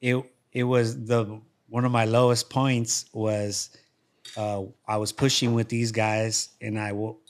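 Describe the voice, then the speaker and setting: A man with a slightly low, easygoing voice tells stories in a relaxed studio interview. He often restarts his sentences and repeats words as he talks. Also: slow. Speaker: guest, former fighter and coach. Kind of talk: casual interview storytelling. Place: podcast studio.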